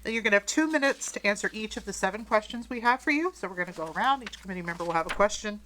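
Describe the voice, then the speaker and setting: A woman's voice: medium pitch, rapid-fire, fairly bright tone, a little hiss or hum, low-quality recording. A woman chairing a town committee meeting, explaining the interview process in an upbeat, friendly way. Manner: upbeat, joking between items.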